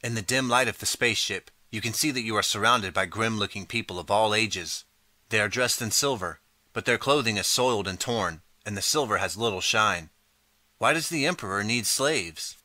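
A man reading a choose-your-path storybook aloud in the second person, steady and clear. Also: on the low side, a little fast, dry recording. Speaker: audiobook narrator.

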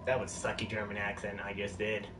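Brief: jokey male game streamer, mid-pitched, sudden yelps, heard in a roomy space with loud background noise. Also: monotone, a little fast. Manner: jokey, jumpy outbursts. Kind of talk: casual gameplay commentary. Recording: roomy, distant mic, noisy.

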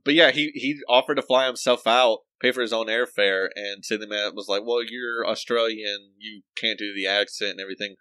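Bright-voiced young man, low pitch. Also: smooth, no echo. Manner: talkative, shares film trivia. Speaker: podcast co-host. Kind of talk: casual chat.

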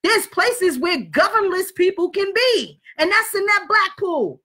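A woman telling a story and ranting in a blunt, profane, animated way. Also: very high-pitched, unhurried. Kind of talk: casual rant and storytelling.

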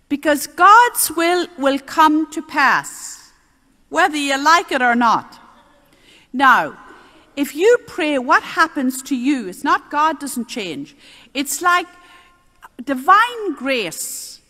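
An older woman, a nun giving a spiritual talk on prayer, telling stories in a lively way with little chuckles. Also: sits high. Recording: roomy hall reverb.

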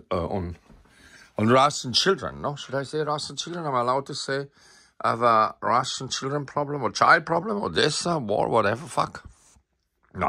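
A man's voice: fairly low pitch, fairly bright tone, slightly rough. A man, an artist musing aloud in a rambling, profane, self-interrupting monologue.

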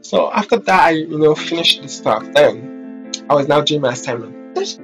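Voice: mid-range voice, animated, normal speed, a bit bright, faint music behind. Blunt, profane storytime vlogger. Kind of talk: casual storytime rant.

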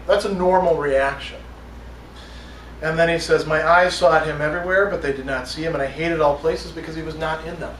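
A man's voice: on the high side, fairly even intonation, a little fast, a bit bright, a little hiss or hum. Man lecturing a college class. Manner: conversational, reads quotes aloud then explains them. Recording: roomy classroom from a distance with faint ambience.

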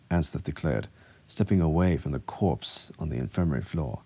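A man reads dark fiction aloud in a deep, husky voice with a measured, even delivery. The sound is dry and close, with no room around it. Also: dry recording. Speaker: audiobook narrator. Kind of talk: dramatic fiction reading.

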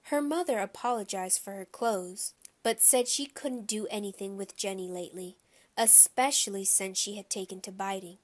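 A woman reads a children's chapter book aloud in a lively, expressive manner. Her pitch sits in the middle range. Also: moderate pace. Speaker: audiobook narrator. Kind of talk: scripted children's audiobook narration.

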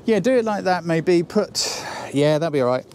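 A man's voice: a little high, animated, normal speed, darkish tone, a little hiss or hum. A man teaching photography on a shoot, chatty and encouraging, thinking aloud as he works. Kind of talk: on-location photo lesson. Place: outdoors then inside a building on a shoot.

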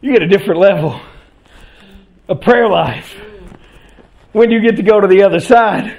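A male preacher delivering an impassioned sermon in a church, swinging from shouted peaks down to hushed, drawn-out phrases. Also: high voice, creaky, low-quality recording.

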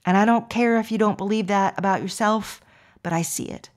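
A middle-aged woman hosts her own podcast, chatting loosely with frequent laughs. She moves into slow, gentle affirmations addressed straight to the listener. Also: mid-range voice. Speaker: podcast host. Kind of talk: casual affirmation talk.

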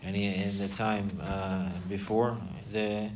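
A man's voice: lowish voice, little pitch movement, slow, a little mellow, far from the mic, a little hiss or hum. A man teaching a religious class, explaining word by word and repeating key phrases.

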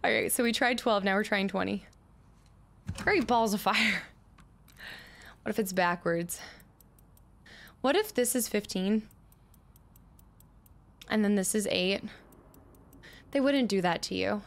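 A gaming streamer, a woman with a medium-pitched, gravelly voice, speaks slowly and leaves long pauses. In her let's play commentary she talks over her own gameplay, mutters number combinations to herself, chats with viewers, and laughs often.

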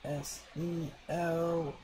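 A let's play gamer talking casually at a middling pitch, reading out the in-game dialogue and dropping dry, sarcastic remarks in between. They keep clearing their throat as a cold sets in, and a faint hiss sits under the voice. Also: level tone, drawn-out words, dark tone, low-quality recording. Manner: reads game dialogue aloud with sarcastic asides.

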